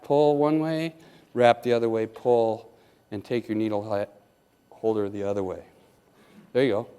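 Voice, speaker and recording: Low-voiced man coaching in a reverberant hall. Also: mellow, clear, resonant tone. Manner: coaching, keeps checking in with "okay?"; folksy and joking. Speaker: surgeon teaching knot tying. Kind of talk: live hands-on demonstration. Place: lecture hall with an audience.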